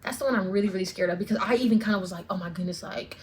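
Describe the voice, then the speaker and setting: A woman's voice: mid-range voice, very fast. A woman vlogger ranting straight to camera, fervent and profane, repeating lines for emphasis. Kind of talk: direct-to-camera rant.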